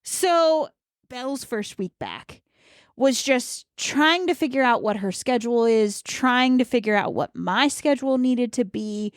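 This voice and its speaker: Woman co-host chiming in, slightly high. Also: lively intonation, unhurried, dry recording, clean studio sound. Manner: chimes in to finish her co-host's sentences. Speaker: podcast co-host. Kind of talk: casual chat.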